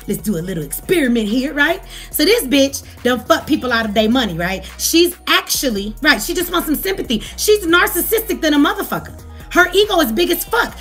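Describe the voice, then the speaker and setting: Speaking with an African American English accent, a woman vlogger lets loose a heated, profanity-laced commentary rant at her viewers. Her high-pitched, fairly bright voice is very animated and brisk, with faint music behind it.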